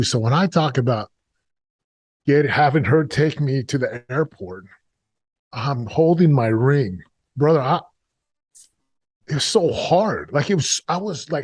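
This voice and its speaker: A man's voice: mid-range voice, lively intonation, unhurried, pauses often, darkish tone, husky, dry recording. Middle-aged male guest, confessional storyteller, repeats himself in bursts, dry close mic. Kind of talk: emotional storytelling interview.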